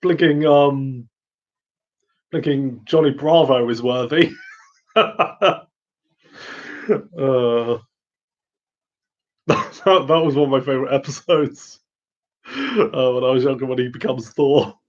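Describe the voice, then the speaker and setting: A man's voice: mid-range voice, expressive, slow pace, pauses often. Giggly rambling man, muffled audio. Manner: rambling, giggly, full of fillers. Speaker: host answering viewer questions. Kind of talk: casual live chat.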